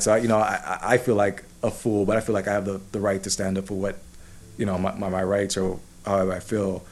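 Lowish voiced guy telling a story, all worked up, cussing a lot, keeps restarting. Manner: heated, swears often, many restarts. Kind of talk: casual personal story.

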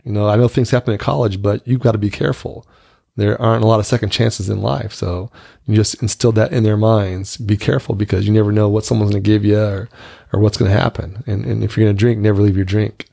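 Low gravelly-voiced man, dry sound. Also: fairly even intonation, fast talker, warm tone, dry recording. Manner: frank, earnest, repeats words when starting. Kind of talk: casual conversation.

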